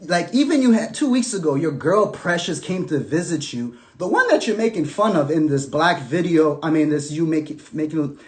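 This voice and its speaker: A man speaks to camera in a casual storytelling vlog, his voice pitched a little high and bouncing widely in tone. He talks in loose slang, full of restarts, and swings from loud outbursts to near-murmurs. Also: animated, normal speed, hardly any pauses. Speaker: vlogger telling his own story.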